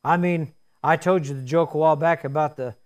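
A man with a fairly high voice preaching a sermon. He talks earnestly and repeats himself, often stumbling and restarting his words as he goes. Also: steady tone, brisk, a little mellow. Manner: earnest, repetitive, with frequent restarts.

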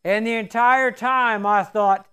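A high-pitched middle-aged man delivers a homespun sermon. He drifts into folksy stories and plain-spoken asides between points of faith. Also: fairly even intonation, takes it slowly, pushed and bright, clean tone. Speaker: preacher.

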